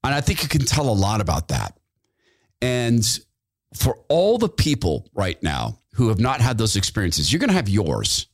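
A man hosting his own talk show, telling a personal story with lively delivery and acting out the voices of the people he quotes. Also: on the low side, normal speed, slightly rough, dry recording, studio quality. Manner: animated, acts out quoted voices. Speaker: radio show host. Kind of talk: storytelling monologue.

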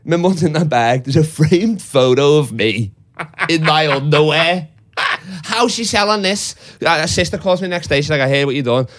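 A man's voice: on the high side, moderate pace, fairly bright tone. A young man telling a rambling story in casual chat, with lots of swearing and laughing. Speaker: podcast co-host.

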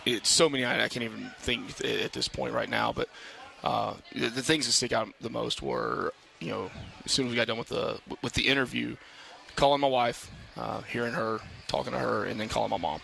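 Man, football coach, very gravelly, bright halting voice, on air from a patio. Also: mid-range voice, slight background noise. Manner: halting, many fillers and restarts, animated when telling stories. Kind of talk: casual radio interview. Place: outdoor brewery patio at a live radio show.

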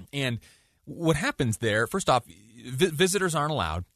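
A man's voice: mid-range voice, big pitch swings, measured pace, gravelly, a bit bright, no echo, clean studio sound. A man hosting a radio news show, telling a story in a rambling, self-deprecating way with many fillers and asides. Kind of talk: talk radio monologue.

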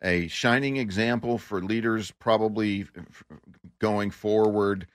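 Deep voiced radio guy, measured and opinionated, dry close sound. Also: steady tone, no room sound. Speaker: radio talk show co-host. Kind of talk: casual chat.

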